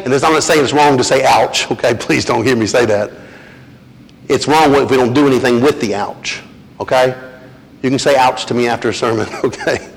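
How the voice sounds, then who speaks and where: A man's voice: medium pitch, a bit bright. A man preaching a sermon in a church as pastor, earnest, with rhetorical questions and repeated words. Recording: long reverb, faint noise.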